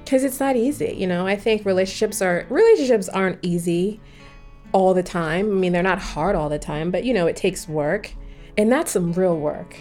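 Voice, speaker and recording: Woman, lowish voice, candid storyteller, emphatic and animated, soft guitar underneath. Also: moderate pace. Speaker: partner sharing a personal story. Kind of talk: casual conversation.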